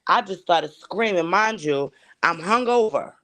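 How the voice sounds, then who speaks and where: A woman's voice: fairly low pitch, expressive, normal speed, a bit bright. Profane, emphatic woman telling a story. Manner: profane and emphatic, acts out quoted dialogue. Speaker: podcast co-host. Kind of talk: casual storytelling chat.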